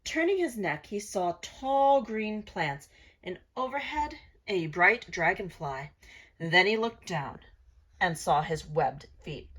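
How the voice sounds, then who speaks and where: A woman who hosts a craft channel, reading a storybook aloud in an expressive, unhurried way. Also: fairly low pitch, breathy edge, poor audio. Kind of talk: storybook narration.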